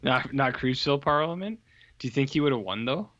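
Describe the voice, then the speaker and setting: A man co-hosting a podcast, chatting casually and rambling through deadpan stories. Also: mid-range voice, brisk, lo-fi sound. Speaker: podcast co-host. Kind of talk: casual chat.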